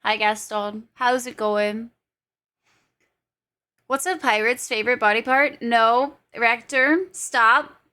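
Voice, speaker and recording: A young woman with a high voice chats with her stream audience at an easy, unhurried pace. She giggles often and swears casually, chatting loosely and off the cuff. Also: steady tone, pushed and bright. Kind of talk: casual live-stream chat with viewers.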